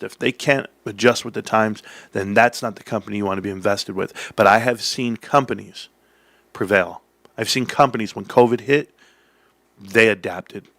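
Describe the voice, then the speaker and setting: A middle-aged stock channel host tells a long personal story in a casual, rambling way, acting out the dialogue and restarting along the way. His lowish voice is bright and forceful, with no room sound.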